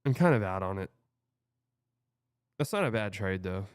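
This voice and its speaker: A man's voice: sits low, expressive, normal speed, smooth, no room sound, studio quality. A young man from Texas hosting a show, reading viewer comments in a loose, rambling, chatty way. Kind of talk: casual livestream chat.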